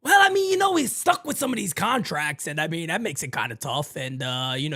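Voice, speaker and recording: A man hosting a fan live stream, ranting about sports in a loud, excitable way. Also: a little high, fairly quick, few pauses.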